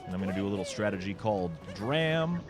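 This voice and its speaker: A man commenting casually on his own speedrun, relaxed and joking as he talks to chat. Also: on the low side, fast. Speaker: speedrunner streamer. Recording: faint game music behind.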